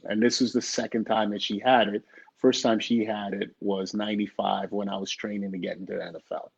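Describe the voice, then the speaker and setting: Middle-aged male guest, gravelly and husky, animated storyteller, dull lo-fi recording. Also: fairly low pitch, a little fast. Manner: animated, acts out the dialogue. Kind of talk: personal storytelling in an interview.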